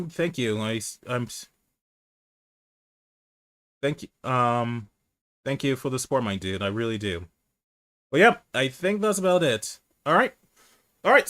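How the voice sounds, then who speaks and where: Profane, rambling man hosting a stream. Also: fairly bright tone. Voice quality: speaks low. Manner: candid, profane, rambling with restarts. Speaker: animator hosting a livestream chat. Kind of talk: casual livestream chat.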